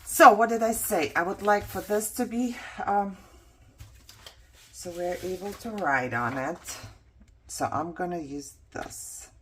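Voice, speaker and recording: A woman narrates her crafting session in an unhurried, chatty way, talking half to herself and half to her viewers. Her voice sits a little low, and she pokes fun at her own slow progress. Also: a little hiss or hum. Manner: chatty, self-mocking, talks to herself while working. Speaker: craft vlogger.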